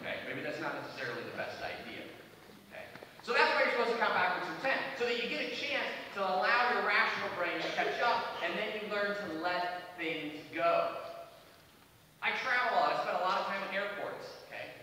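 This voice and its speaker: A man's voice: high voice, a little fast. A man giving a motivational stage talk, telling stories and speaking directly to the audience. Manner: animated, addresses the audience directly. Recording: echoey hall from far off, faint noise.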